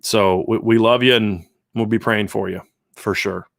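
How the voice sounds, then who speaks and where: A man's voice: lowish voice, fairly even intonation, normal speed, vocal fry, no echo. Earnest man hosting a dry live stream. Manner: conversational, earnest, many restarts. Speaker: show host. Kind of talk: casual live-stream chat reading viewer comments.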